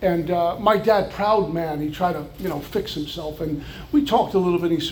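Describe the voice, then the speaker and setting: A man's voice: a little high, moderate pace, a little hiss or hum. A man from New York with a New York accent, giving an earnest personal recovery testimony with flashes of wry humor. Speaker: recovery speaker.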